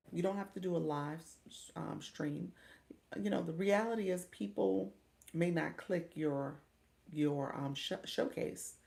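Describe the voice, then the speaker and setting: A woman's voice: sits low, creaky, warm tone. A woman livestream coach chatting casually with her viewers, reading the chat aloud and laughing often.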